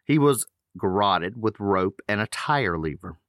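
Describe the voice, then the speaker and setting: Low-voiced man reading case notes. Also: lively intonation, a little slow, fairly bright tone, no echo, clean studio sound. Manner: reads from notes with loose asides and restarts. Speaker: podcast host.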